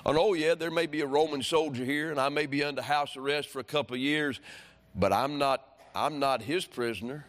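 A middle-aged man preaching a sermon, animated and repetitive, telling stories with sudden shouts. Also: fairly high pitch, brisk. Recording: long hall reverb.

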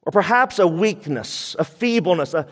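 Male pastor, high voice, emphatic sermon delivery with repeated points, church hall with long reverb. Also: expressive, moderate pace. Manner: emphatic, repeats key phrases.

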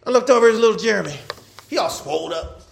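Gravelly high-pitched male preacher. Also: expressive, quick pace, a little hiss or hum. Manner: swings between loud shouting and low, quiet asides; colloquial preacher, repeats words and restarts. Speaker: pastor. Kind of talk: sermon.

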